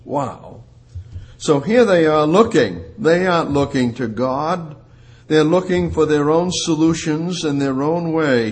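A man preaching a sermon, repeating words for emphasis and rising louder on the scripture he quotes. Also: fairly high pitch, lively intonation. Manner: emphatic, repetitive preaching with slow drawn-out phrases. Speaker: pastor.

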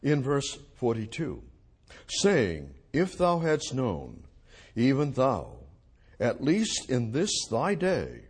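A man preaches an expository sermon, reading scripture aloud and shifting between hushed, slow phrases and loud, emphatic lines. His voice is medium-pitched and husky, with wildly swooping pitch.

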